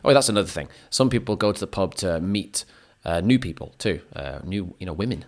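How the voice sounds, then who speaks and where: A man's voice: deep voice, expressive, fairly quick. A man chatting casually as a teacher to his viewers, rambling, correcting himself and making joking asides. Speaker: English teacher. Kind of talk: casual chat.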